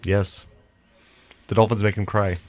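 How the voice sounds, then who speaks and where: A man co-hosting a comedy podcast while sick, playful and goofy, with a lowered sick voice. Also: little pitch movement, measured pace. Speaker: podcast co-host. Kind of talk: casual comedic banter. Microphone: studio mic with pop filter.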